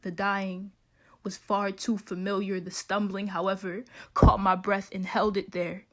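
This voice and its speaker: A young woman performing grave, measured spoken word poetry. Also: mid-range voice, little pitch movement. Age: young adult.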